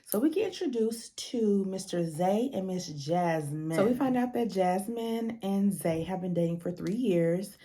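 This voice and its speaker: A woman's voice: medium pitch, lively intonation, a little slow, hardly any pauses, mellow. A young woman giving a casual, blunt and profane recap of a reality show, acting out the people she quotes.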